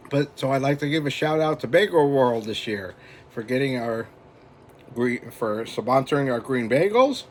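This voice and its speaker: A man's voice: medium pitch, lively intonation, moderate pace, slight background noise. A man talking casually at home for his vlog, rambling and chatty and chuckling often as he goes. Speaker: vlogger.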